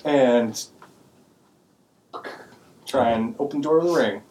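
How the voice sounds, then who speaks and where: A player in a tabletop game, speaking slowly and hesitantly. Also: mid-range voice, darkish tone, far from the mic, a little hiss or hum.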